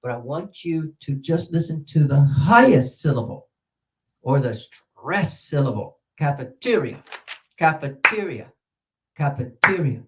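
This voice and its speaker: A man's voice: fairly high pitch, a little slow, slight background noise. A man leading a workshop for English teachers, speaking into a microphone and animatedly modelling words. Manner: animated, demonstrative, drawing out words.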